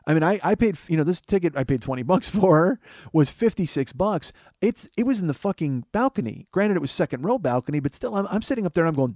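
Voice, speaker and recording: Comedian, man, fairly high voice, animated and profane storyteller, dry mic. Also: fast talker, dry recording. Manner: animated, swearing, exasperated. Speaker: comedian host. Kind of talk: comic storytelling monologue.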